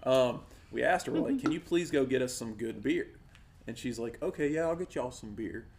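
Animated man telling rowdy stories. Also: mid-range voice, normal speed, a little hiss or hum. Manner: animated, acts out voices and sounds while telling stories. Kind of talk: casual storytelling chat.

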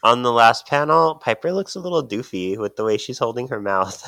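A man's voice: mid-range voice, lively intonation, moderate pace, vocal fry, pushed and bright, no echo. A man co-hosting a podcast, casually reading a comic aloud with frequent giggles and a playful manner.

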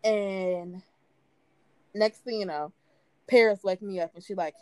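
A woman's voice: unhurried, clear, resonant tone, dry recording. Young woman telling a wild story, dry close mic. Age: 20s. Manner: animated, laughing, acts out quotes in a higher voice. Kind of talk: casual storytelling chat.

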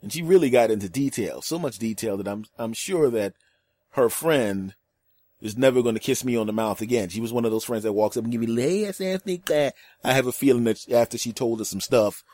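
A podcast host with a medium-pitched, mellow voice speaks fairly quickly, recorded without echo. In a comedic monologue, he rants in exasperation through a funny story, swearing for effect.

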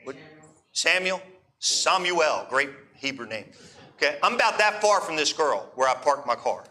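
Bright-voiced, animated male preacher. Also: medium pitch, moderate pace. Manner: animated, asks the crowd for responses. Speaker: pastor. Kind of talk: sermon storytelling to a live audience.

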